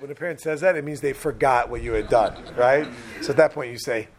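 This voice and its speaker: A middle-aged man lectures a live audience, sharing personal stories, joking, and putting questions to his listeners. He has a medium-pitched voice and a quick pace.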